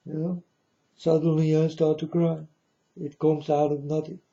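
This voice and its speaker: A man's voice: a little high, level tone, normal speed, dark tone, lo-fi sound. A man giving a preachy monologue in broken, non-native English, emphatic and repetitive, often asking if the listener understands. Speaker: speaker addressing viewers.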